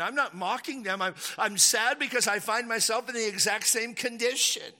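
A man preaching a sermon as a pastor, animated, acting out the people he speaks of in a raised voice. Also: very high voice, normal speed, hardly any pauses. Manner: animated, acts out the disciples' lines in a raised voice. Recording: echoey hall with long reverb.

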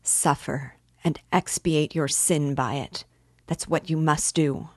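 Brief: devout young woman begging urgently, read by a woman, measured pace, dry room. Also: low-pitched, steady tone, no room sound. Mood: pleading. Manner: fervent, imploring.

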